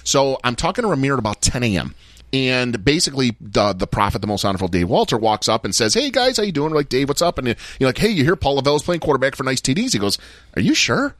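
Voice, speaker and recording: Fast, lively storytelling man. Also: medium pitch, no room sound. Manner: storytelling, wry and teasing. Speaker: podcast co-host. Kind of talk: casual chat.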